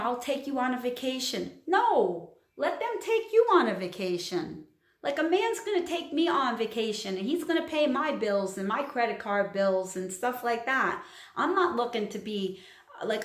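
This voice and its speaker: A woman's voice: fairly high pitch, roomy sound. A woman giving a casual astrology reading, chatty and emphatic, repeating her points and laughing at herself. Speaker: astrology channeler. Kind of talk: casual tarot-style reading to camera.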